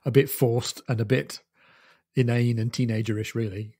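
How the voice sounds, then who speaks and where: A man's voice: mid-range voice, fairly even intonation, normal speed, dark tone, husky. A man hosting a book discussion podcast, talking through funny passages with enthusiasm. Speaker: podcast host.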